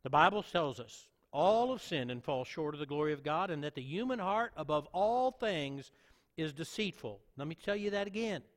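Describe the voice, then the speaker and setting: A man with a notably high voice preaches a sermon as a pastor, earnest and emphatic, circling back to repeat his key points. His words ring out with a long reverb, like a big sanctuary. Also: lively intonation, normal speed.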